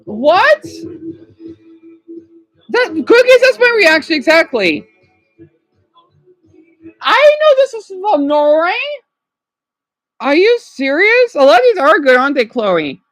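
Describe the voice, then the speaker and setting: A woman's voice: extremely high pitch, measured pace, long pauses, soft background music, low-quality recording. A woman streamer chatting casually as she reacts to songs and talks to her viewers by name. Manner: excitable, talks to chat by name.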